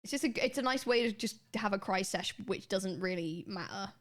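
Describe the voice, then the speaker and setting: Young woman streamer, loose rambling chat, slightly sore throat, middle pitch. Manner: rambling, restarts sentences, quick laughs. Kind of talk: casual chat with viewers.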